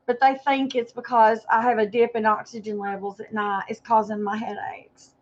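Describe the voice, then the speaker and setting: Speaking at normal speed with a flat delivery, a woman runs a casual livestream, her fairly high voice wandering from topic to topic as she apologizes and greets viewers by name. The sound is dull and lo-fi.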